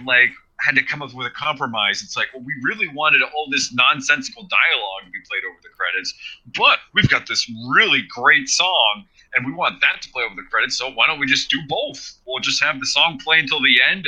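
A man's voice: medium pitch, animated, fairly quick, sharp tone, breathy edge, muffled recording. Sarcastic man riffing on a video. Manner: rambling, sarcastic, laughs often. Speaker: podcast co-host. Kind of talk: casual riffing commentary.

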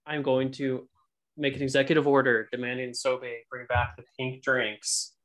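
A man's voice: mid-range voice, level tone, moderate pace, a bit bright, low-quality recording. A man co-hosting a podcast in casual chat, joking and often restarting his sentences.

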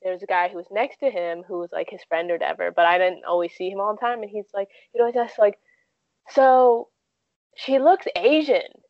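A woman's voice: fairly low pitch, steady tone, fast talker, creaky, few pauses, no room sound. Young woman, casual storyteller, filler-heavy chat, dull dry recording. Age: 20s. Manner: chatty, frequent "like" and "um" fillers. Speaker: guest.

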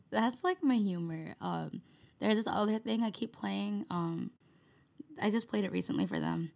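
A young woman co-hosting a podcast in a loose, rambling way, giggling between thoughts. Her mid-range voice carries a gravelly, creaky texture. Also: medium pitch, lively intonation, slow pace, pauses often. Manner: giggly, rambling, heavy use of "like". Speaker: podcast co-host. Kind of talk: casual chat.

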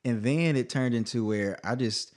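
A man in his thirties, a singer-songwriter guest, telling his life story in a casual interview, animated, laughing often and restarting sentences. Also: mid-range voice, normal speed.

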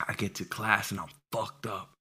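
Bright-voiced man in his twenties. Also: on the low side, normal speed, slightly rough. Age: 20s. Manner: animated, profane, laughs while telling stories. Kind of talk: casual storytelling podcast chat.

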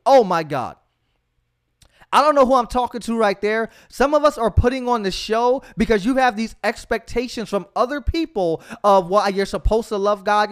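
A man preaching fervently in a podcast sermon, exhorting his listeners and often calling out "come on". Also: high voice. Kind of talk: sermon-style podcast teaching.

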